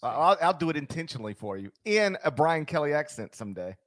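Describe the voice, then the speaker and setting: A man's voice: on the high side, very animated, fast, no room sound. A man hosting a sports podcast, talking casually and animatedly with frequent ums. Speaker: podcast host.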